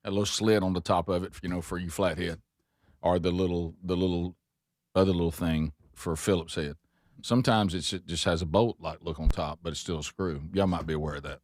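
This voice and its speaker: Deep-voiced man telling a rambling story. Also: fairly even intonation, fairly quick, darkish tone, dry recording, clean studio sound. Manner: rambling, self-mocking storyteller with many restarts. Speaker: host. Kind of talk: casual chat, storytelling.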